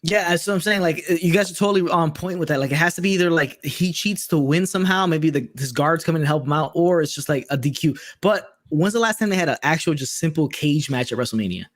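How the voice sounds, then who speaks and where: A man talks wrestling in a quick, rambling way, packed with "like" and "um", his voice sitting a little high for a man. The sound is dry and close, with no room around it. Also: no echo. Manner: rambling, filler-heavy, animated. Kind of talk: casual chat.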